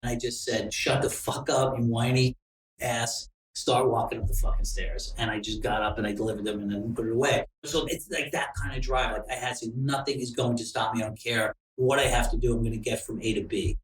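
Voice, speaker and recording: A man's voice: medium pitch, flat delivery, quick pace, few pauses, fairly bright tone. A middle-aged man telling candid, profane stories in a casual interview. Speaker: screenwriter guest. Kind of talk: casual storytelling chat. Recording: roomy, distant mic.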